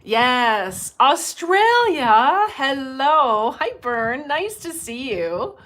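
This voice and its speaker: A woman's voice: high voice, sing-song, drawn-out words, fairly bright tone. A middle-aged woman hosting a casual livestream as a medium, chatty and laughing often as she greets viewers by name, speaking into her phone.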